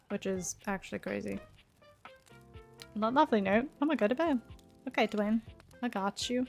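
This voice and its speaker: A woman's voice: medium pitch, normal speed, creaky, pauses often, darkish tone, soft background music. A young woman streaming a dating game, chatting, giggling and bantering back at the characters. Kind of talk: live game streaming commentary.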